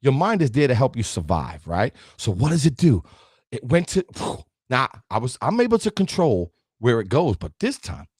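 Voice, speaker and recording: A man's voice: mid-range voice, huge pitch swings, normal speed, darkish tone, husky, no room sound, studio quality. A middle-aged man hosting a live motivational stream, talking straight to his viewers and the chat. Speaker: host of a live positivity show.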